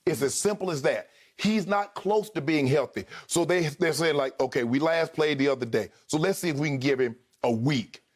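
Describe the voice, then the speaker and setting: A man's voice: fairly high pitch, moderate pace, few pauses. A man co-hosting a sports debate show, arguing emphatically and repeating his points.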